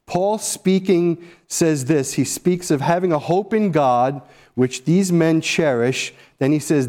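A man's voice: a little high, takes it slowly, dark tone. A male pastor preaching a sermon in an earnest, emphatic way, repeating key phrases.

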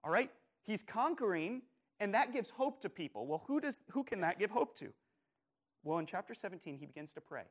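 Earnest preacher man, slightly high voice. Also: very animated, brisk. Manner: earnest, emphatic, asks the congregation repeated questions; swings from loud emphasis to soft, quiet phrases. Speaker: pastor. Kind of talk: sermon.

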